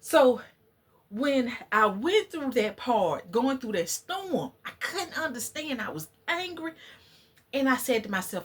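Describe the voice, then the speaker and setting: A woman's voice: sits high, big pitch swings, unhurried, slightly rough. A woman vlogger in casual, preachy chat with her viewers. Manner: chatty, preachy, talks to viewers as y'all. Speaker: channel host.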